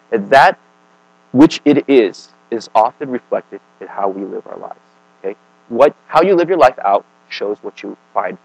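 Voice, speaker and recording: A man preaching a sermon in a casual, conversational way, often checking in with "right?" and "okay?", swinging between emphatic and quiet. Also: on the low side, gravelly, no echo, lo-fi sound.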